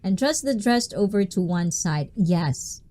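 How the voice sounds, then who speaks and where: Her voice is mid-range and dark, animated but unhurried. As a livestream host she chats in a playful, talkative way, laughing often as she reads her viewers' messages out loud.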